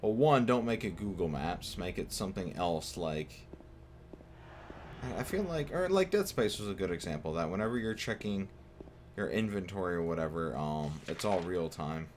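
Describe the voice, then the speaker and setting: A man's voice: low-pitched, lively intonation, moderate pace, a little hiss or hum. A man streaming a horror game, giving joking casual commentary, talking to the characters and swearing when things go wrong. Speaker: gameplay streamer. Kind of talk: casual let's-play commentary.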